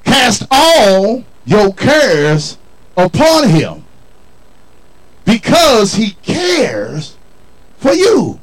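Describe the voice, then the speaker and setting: A man's voice: very high-pitched, wildly swooping pitch, drawn-out words, breathy edge, poor audio. A man preaching a sermon in a colloquial, call-and-response style, emphatic and folksy. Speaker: pastor.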